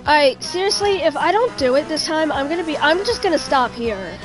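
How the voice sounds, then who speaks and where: A woman's voice: high voice, expressive, brisk, over music. A young woman giving live commentary while playing a video game, chatting with viewers and swearing in frustration.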